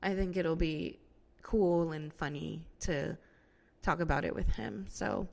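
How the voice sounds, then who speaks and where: Her voice sits low and creaky with a slightly mellow quality, and a long reverb tail trails each phrase as she takes her time. She's a podcast host in her thirties, talking about her family in a relaxed, candid monologue, leaning on fillers and growing tearful now and then.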